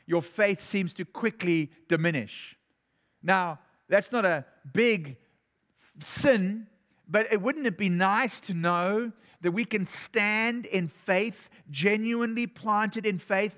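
A man's voice: sits high, fairly bright tone. A man from South Africa with a South African accent, a pastor preaching a sermon in a conversational way, telling stories and often restarting his sentences.

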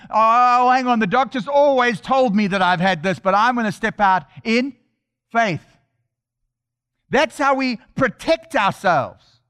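Man preacher with a high voice, delivering an emphatic church sermon that builds through repetition. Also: fairly bright tone.

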